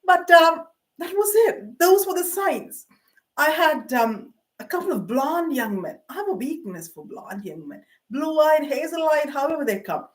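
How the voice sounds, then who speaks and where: High-voiced middle-aged woman, rambling anecdotes. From Canada. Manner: meandering, self-mocking, with frequent fillers and laughs. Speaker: vlogger. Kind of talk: rambling personal monologue.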